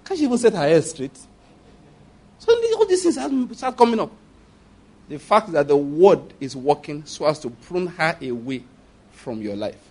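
A man's voice: on the high side, lively intonation, moderate pace, darkish tone, breathy edge. A man preaching a sermon, acting out prayers and asking the congregation rhetorical questions. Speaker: pastor.

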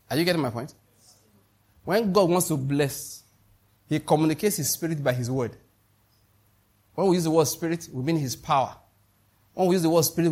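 A man's voice: fairly high pitch, a little mellow, husky. Emphatic Nigerian-accented male preacher. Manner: emphatic, repeats lines, asks the congregation questions. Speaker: pastor. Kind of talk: sermon.

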